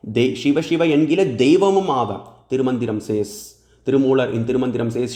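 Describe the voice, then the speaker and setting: Male religious lecturer, mid-pitched, teaching verse by verse in a reverberant room. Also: quick pace, warm tone. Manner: explains verses, often checks in with "hmm?"; recites Sanskrit verses then translates. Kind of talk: scripture lecture.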